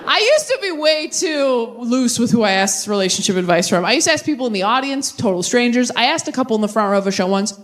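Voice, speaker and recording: A young woman performing a stand-up comedy set on stage, landing deadpan punchlines and jumping to animated voices when she quotes people. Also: a little high, fast talker, few pauses. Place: comedy stage before a live audience.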